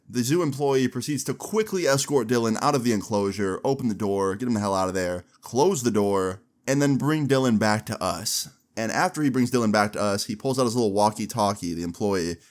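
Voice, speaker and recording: A man in his twenties recounts a story in a casual storytime vlog. He is animated and slangy and swears freely, and his voice sits in a mid range. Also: mid-range voice.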